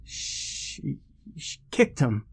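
A man's voice: a little high, animated, slow pace, a little mellow, breathy edge, pitched above the performer's own voice, full character voice. A man voicing a frightened young man who stammers and panics. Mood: panicked. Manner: stammering, frantic.

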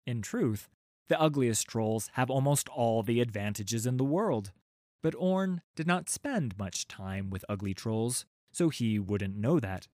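A man's voice: mid-range voice, lively intonation, a little slow, a little mellow, dry recording, studio quality. A man narrating a children's storybook, with wry, playful asides to his listeners.

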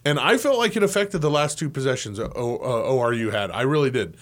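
A man co-hosting a casual sports radio show, animated and joking, who now and then breaks into shouting. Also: mid-range voice, a little fast. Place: radio studio.

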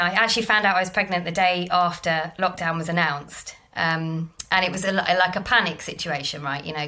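A woman in her thirties, a podcast co-host, telling a personal story openly and emotionally, in rushed sentences full of restarts. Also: medium pitch, fairly bright tone. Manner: open and emotional, recounting in a rush with many restarts.

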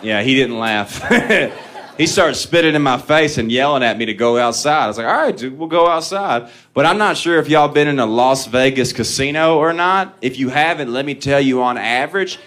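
A man's voice: mid-range voice, moderate pace, a bit bright. Stand-up comic guy telling stories on stage, swears a lot, laughs at his own bits. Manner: storytelling, chuckling at his own lines; profane, self-deprecating. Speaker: stand-up comedian. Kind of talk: stand-up comedy set.

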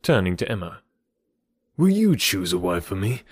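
A man voicing a charming young gentleman who talks in a lively, teasing way. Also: low-pitched, moderate pace, husky, no room sound, clean studio sound, full character voice.

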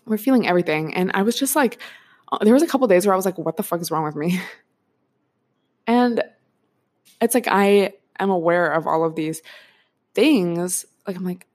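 A woman's voice: on the low side, lively intonation, normal speed, pauses often, darkish tone. A young woman in her twenties hosting a casual solo podcast, chatty and frank, swearing freely and laughing often. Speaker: podcast host.

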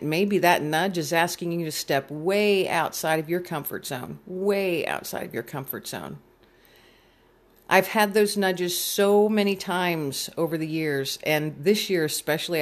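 A middle-aged speaker recounts a personal experience of faith to listeners, sincere and heartfelt throughout. They slip into their own past inner voice when quoting old thoughts. Their pitch sits in an ordinary middle range. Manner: earnest, retells scenes by voicing own past thoughts. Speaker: storyteller sharing a faith testimony. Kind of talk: personal storytelling to an audience.

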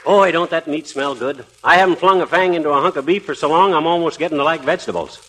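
A man's voice: a little high, quick pace, lightly acted. An actor playing a boastful, wisecracking middle-aged husband in a 1940s radio comedy, brash and slangy, chuckling at his own jokes. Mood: joking. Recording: old radio recording with faint noise.

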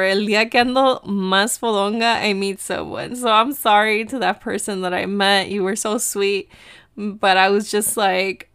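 A woman's voice: mid-range voice, measured pace, fairly bright tone, clean tone, dry recording. A young woman vlogger recounts her week in a chatty, laughing way and drops Spanish phrases into her talk. The recording is dry and close, with no room sound. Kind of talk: casual storytelling vlog.

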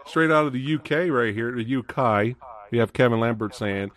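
A man's voice: medium pitch, normal speed, a bit bright. A man hosting a live podcast, casual and chatty, laughing often and reading out viewer comments. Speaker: podcast host.

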